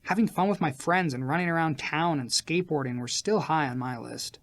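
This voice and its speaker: A man with a slightly high voice reads a first-person memoir aloud as an audiobook. His delivery is animated, jumping between loud, lifted phrases and low, quiet asides. The reading stays lively and storytelling throughout. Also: fairly quick. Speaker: audiobook narrator.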